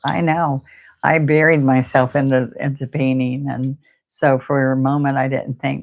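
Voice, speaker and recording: An older woman, hosting a live painting stream. She talks softly and close to tears, often repeating words as she chats to viewers. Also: very deep voice, little pitch movement, unhurried, vocal fry. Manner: soft-spoken, tearful, repeats words. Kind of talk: casual heartfelt chat to live viewers.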